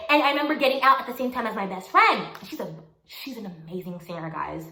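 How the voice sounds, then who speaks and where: A young woman in her twenties casually telling a personal story to camera, animated and laughing often as she acts out what people said. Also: a little high, quick pace. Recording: echoey room with faint noise.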